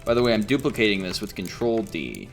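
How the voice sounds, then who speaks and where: A man's voice: fairly low pitch, very animated, brisk, gravelly, soft background music. A young man with a Liverpool accent chatting casually and teasingly while building in a game, swearing freely.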